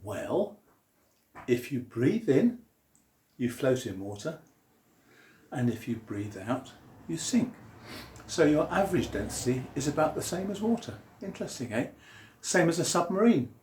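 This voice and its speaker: A man's voice: on the high side, animated, moderate pace, a little mellow, slight background noise. A man giving a jokey science lesson full of puns and drawing diagrams as he explains. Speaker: science teacher. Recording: roomy echo.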